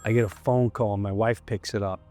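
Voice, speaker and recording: A man's voice: on the low side, fairly even intonation, fairly quick, warm tone. A male comedian recounting a story in an interview, emphatic and repetitive, sometimes dropping to a near-whisper.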